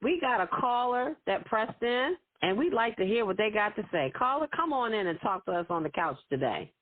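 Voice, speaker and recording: A woman hosting a casual talk show who agrees readily and laughs often, with a husky voice. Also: a little high, brisk. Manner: affirming, laughs often, lively. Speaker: host. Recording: tinny phone-like audio.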